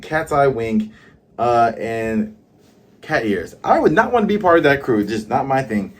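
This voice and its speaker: A man talks through a manga chapter in a loose, casual commentary, acting out the characters' lines along the way. His voice is husky, and his pitch jumps around a lot as he gets animated. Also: moderate pace. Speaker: manga reviewer.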